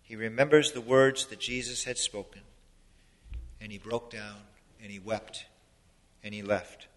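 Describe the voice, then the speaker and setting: Guy preaching a sermon, earnest, explaining, loud then soft, long echo off the hall. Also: lowish voice, steady tone, unhurried.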